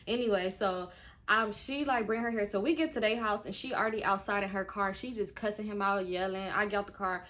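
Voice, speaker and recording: A woman's voice: mid-range voice, brisk. A woman in her twenties telling a personal story to her viewers in a casual, frank way. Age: 20s. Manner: animated retelling that acts out quoted speech; frank and conversational, speaking to viewers directly. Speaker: vlogger.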